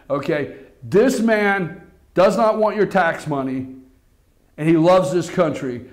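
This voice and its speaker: A man hosting a political commentary show, talking to the audience in an animated, repetitive way and calling them folks. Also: on the high side. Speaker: political talk show host. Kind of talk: opinionated commentary.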